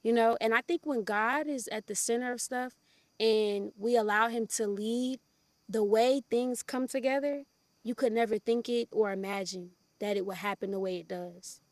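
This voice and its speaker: Relaxed woman, slightly high voice. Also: moderate pace, dry recording. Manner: relaxed, many fillers like "like" and "um". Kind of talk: casual interview talk.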